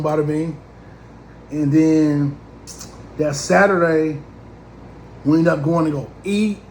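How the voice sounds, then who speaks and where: Thirty-something guy telling a funny story, slangy and animated, echoey room. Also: on the high side, slight background noise. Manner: slangy, animated, acts out both sides of conversations. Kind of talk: casual comedic storytelling.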